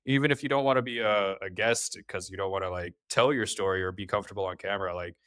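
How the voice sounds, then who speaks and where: A man's voice: low voice, quick pace, a bit bright, clean tone, no room sound, studio quality. A man co-hosting a podcast, playful and teasing in casual chat. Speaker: podcast co-host.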